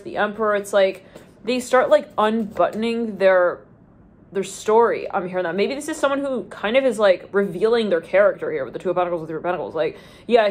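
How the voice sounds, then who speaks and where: A woman giving an intuitive tarot reading in a rambling, stream-of-consciousness way, with lots of "like" and restarted thoughts. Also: a little high. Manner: trails off and restarts mid-thought. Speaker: tarot reader.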